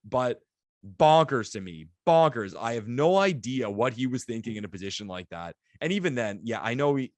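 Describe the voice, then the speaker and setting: A man co-hosting a sports podcast, talking in an excitable, animated way. His voice is mid-pitched and recorded close and dry, with no room sound. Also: fairly quick, few pauses, no echo. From Canada. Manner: excitable, animated storytelling with laughs. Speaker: podcast co-host. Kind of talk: casual sports podcast chat.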